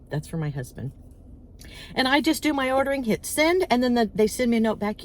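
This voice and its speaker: A woman with a fairly high voice rants casually into her phone while waiting outdoors, and she bounces from story to story, acting out little voices. Her delivery is animated and chatty. A faint outdoor hum sits under her voice. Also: normal speed. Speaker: vlogger. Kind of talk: casual chatty rant to camera. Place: outdoors, waiting in parked car area.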